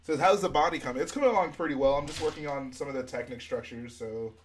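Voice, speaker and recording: A young man hosting a casual live stream, reading out viewer comments and answering them in a relaxed way while he builds. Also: medium pitch, fast talker, slight background noise. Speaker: livestream host.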